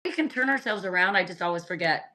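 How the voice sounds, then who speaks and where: A woman's voice: lowish voice, expressive, quick pace, bright, forceful tone. A woman in her fifties co-hosting a casual chat, talking in a chatty, exclamatory way. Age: 50s. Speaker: podcast co-host.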